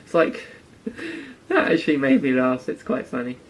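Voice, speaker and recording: A man's voice: fairly high pitch, huge pitch swings, moderate pace, poor audio. A man giving sarcastic casual commentary on a cartoon episode. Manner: sarcastic, acts out quotes in silly voices. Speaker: anime reviewer.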